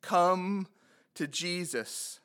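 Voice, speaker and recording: A man preaches a sermon in a high-pitched, extremely slow voice that is a bit bright, clear and resonant. He reads scripture aloud, growing more fervent on the quoted cries, and puts earnest rhetorical questions to his listeners.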